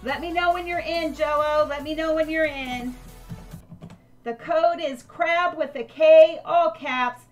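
A woman's voice: sits high, steady tone, slow, soft background music. An older woman live-streaming a game, chatting with viewers and thanking them by name.

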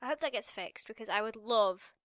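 A young woman talks her way through a game in bubbly, rambling commentary. Her fairly high voice keeps drifting off into chatty asides. It is caught on a close, dry mic with almost no room sound. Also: a little fast, no echo. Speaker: gaming commentator. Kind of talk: casual Minecraft let's-play commentary.

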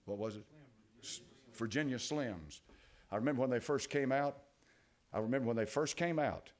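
An older man with an East Tennessee accent preaching a sermon as pastor, dropping to quiet asides and rising to loud exclamations. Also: medium pitch, moderate pace. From United States.

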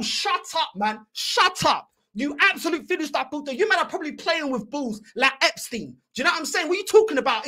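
A woman's voice: high voice, big pitch swings, fairly quick, few pauses, pushed and bright. A young woman, hosting a football fan channel and ranting angrily, mocking and repeating herself. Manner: heated, mocking, repetitive ranting. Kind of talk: angry fan reaction rant.

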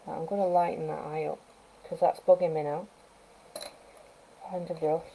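Woman art teacher, live painting demo, chatty and gentle, warm low voice. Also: level tone, moderate pace, creaky, a little hiss or hum, poor audio. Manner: chatty, thinks aloud while working; gentle coaching asides. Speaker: wildlife artist teaching painting. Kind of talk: live painting demonstration, casual talk. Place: art studio at home, live stream.

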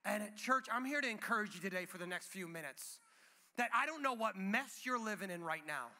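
Animated high-voiced preacher man. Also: a little fast, in a large hall. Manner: animated storytelling preacher, playful. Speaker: pastor. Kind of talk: sermon. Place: church auditorium.

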